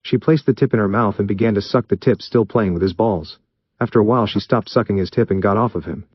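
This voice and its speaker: A man with a low voice reads a story aloud in steady, even narration. The recording is dull and muffled, with a dry, close sound and no room echo. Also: quick pace, breathy edge. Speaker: story reader. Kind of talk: reading fan fiction aloud.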